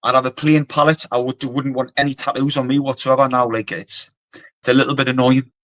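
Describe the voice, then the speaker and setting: A middle-aged Geordie man tells his army stories in a blunt, rambling way, full of swearing and filler words. His pitch sits in the everyday middle, and the sound is dry and close with no room around it. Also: little pitch movement, fairly quick, fairly bright tone, no room sound, poor audio. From North East England. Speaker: guest, former soldier and boxer. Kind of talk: casual storytelling interview.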